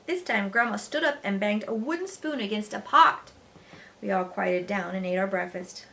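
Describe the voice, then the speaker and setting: A woman teacher reading a children's novel aloud with expressive storytelling. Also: mid-range voice, normal speed, creaky, slight background noise.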